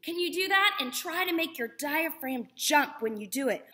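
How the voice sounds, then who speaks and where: Young female drama teacher, upbeat and encouraging, high bright voice for a kids' voice lesson. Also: lively intonation, normal speed. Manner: encouraging, demonstrates vocal exercises. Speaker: acting teacher. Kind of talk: voice lesson for kids.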